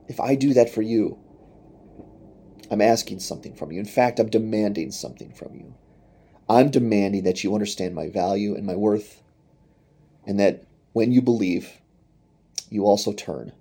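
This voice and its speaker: Warm, husky-voiced male preacher. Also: moderate pace, long pauses. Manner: earnest preaching, voices quotes with rising pitch. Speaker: pastor. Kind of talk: sermon.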